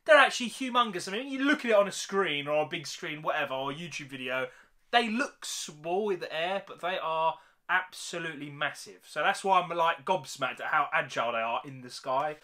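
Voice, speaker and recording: Excitable British man, high lively voice. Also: a little fast. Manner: excitable, slangy, keeps saying mate. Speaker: YouTube reaction host. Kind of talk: excited reaction commentary.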